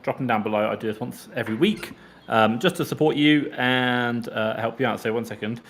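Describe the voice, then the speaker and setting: A man's voice: mid-range voice, a little fast, fairly bright tone. A man hosting a casual live question-and-answer stream, chatty, breaking off mid-sentence and reading viewer comments aloud. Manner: chatty, self-interrupting, reads comments aloud.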